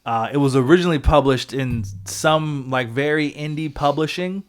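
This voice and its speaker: A man co-hosts a podcast in a clean, rather high voice at normal speed. The chat is casual and animated, with him thinking aloud and cursing now and then.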